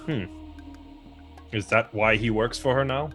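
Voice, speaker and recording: A man's voice: medium pitch, unhurried, a bit bright, faint music behind. A man playing a tabletop role-playing game, thinking aloud and hesitating over his choices. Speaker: player.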